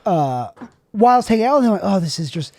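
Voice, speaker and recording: Man, podcast co-host, high and animated, eager, halting speech, dry close mic. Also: no echo. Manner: eager, laughing, halting with fillers. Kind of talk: casual podcast banter.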